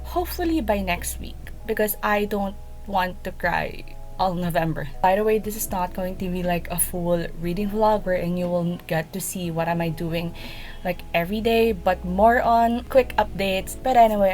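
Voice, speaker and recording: A young woman from the Philippines giving casual, chatty reading-vlog updates to camera, self-deprecating and animated. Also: lowish voice, moderate pace, soft background music, poor audio. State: sniffly from allergies. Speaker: book vlogger.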